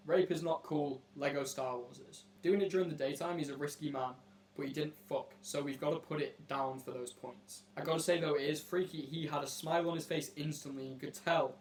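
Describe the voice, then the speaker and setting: Brash man, higher voice, faint hum. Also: fairly even intonation, fairly quick. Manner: brash, mock-serious, swears freely. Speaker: host asking strangers on a video chat app. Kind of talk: casual joking commentary.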